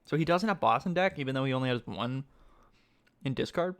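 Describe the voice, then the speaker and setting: A man livestreams commentary on a card game tournament in a brisk, mid-range voice. He is excitable, thinks aloud, and often puts questions to his chat.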